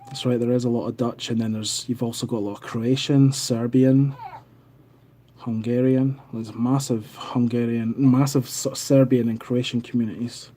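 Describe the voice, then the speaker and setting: His voice sits at medium pitch, level and mellow, at a normal speed. He's a Scotsman in his thirties hosting a casual live stream from his Canadian home, chatting as he reads out comments from viewers.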